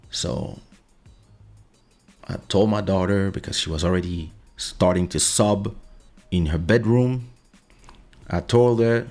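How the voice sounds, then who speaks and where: Gravelly low-voiced man telling a story. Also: takes it slowly, long pauses, darkish tone, faint music behind. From France. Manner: storytelling, repeats "listen" often. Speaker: podcast host. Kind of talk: casual monologue.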